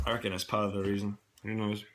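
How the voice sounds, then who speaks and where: A young man with a New Zealand accent tells a rambling vlog story, full of fillers and swearing. His voice sits a little low but sounds bright and forceful. A cold leaves him coughing now and then. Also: completely flat delivery, quick pace, slight background noise. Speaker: camp worker vlogging. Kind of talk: casual rambling vlog monologue.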